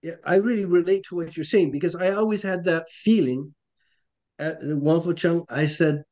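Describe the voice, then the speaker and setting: An older man, a former monk, recalling the past in casual talk, self-deprecating and quick to laugh. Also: fairly high pitch, a little mellow. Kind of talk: reminiscing conversation.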